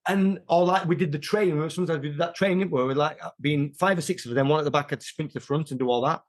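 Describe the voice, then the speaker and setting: A man, an interview guest telling rambling, animated stories in casual chat. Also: a little high, fast talker. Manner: animated, rambling, many restarts.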